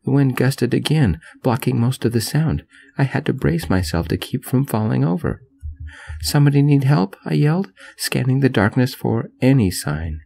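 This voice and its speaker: A man reading a first-person romance story aloud in a soft-spoken ASMR narration style, gentle and unhurried. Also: mid-range voice, expressive, gravelly, husky.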